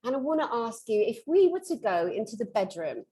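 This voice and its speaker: A British woman hosting an interview, talking in a lively, playful, high-energy way. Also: brisk, a little hiss or hum. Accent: British English. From England. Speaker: host. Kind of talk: casual interview chat.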